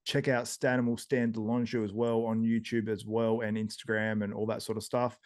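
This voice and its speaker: A man's voice: lowish voice, level tone, normal speed. A man hosting a bodybuilding podcast, chatting casually and wrapping up the show with upbeat promotional plugs. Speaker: podcast host. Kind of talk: casual chat and show outro.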